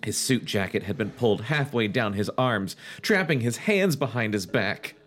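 A man's voice: lowish voice, lively intonation, normal speed, fairly bright tone. A man co-hosting a comedy podcast, reading a children's horror book aloud and slipping in dry jokes. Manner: dry joking interjections while reading.

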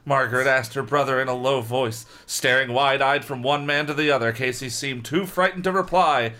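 A man's voice: mid-range voice, normal speed, sharp tone. A man co-hosting a comedy podcast, joking and self-deprecating as he reads along. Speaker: podcast co-host. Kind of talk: comedic banter and read-aloud.

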